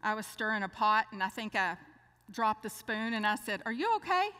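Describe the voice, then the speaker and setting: An older woman preaching a sermon, telling a lively story and acting out the dialogue. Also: medium pitch, normal speed, clear, resonant tone. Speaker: speaker. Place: church. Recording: long church hall reverb.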